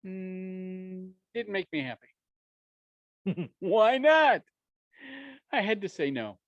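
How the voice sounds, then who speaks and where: A man tells a business story to an audience in an animated way, his pitch swinging freely as he acts out each exchange and chuckles between lines. The sound is close and dry, with no room in it. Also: takes it slowly, no echo, dull audio. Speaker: speaker sharing a business story.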